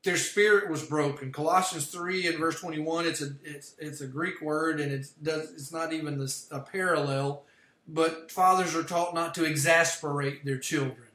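A man's voice: a little high, steady tone, moderate pace, sharp tone. A man leading a livestreamed Bible study, explaining word meanings step by step. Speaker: Bible teacher. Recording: echoey room.

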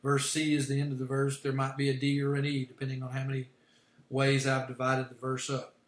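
A man's voice: mid-range voice, completely flat delivery, brisk. A man leading a livestreamed Bible study, explaining word meanings step by step. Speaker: Bible teacher. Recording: echoey room.

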